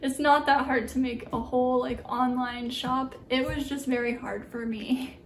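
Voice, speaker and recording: A woman's voice: sits high, steady tone, normal speed, slight background noise. Chatty young woman in an echoey studio. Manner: chatty, rambling, lots of "um" and "like". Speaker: printmaking artist vlogger. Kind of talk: casual vlog chat. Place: small home art studio. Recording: echoey room, mic at a distance.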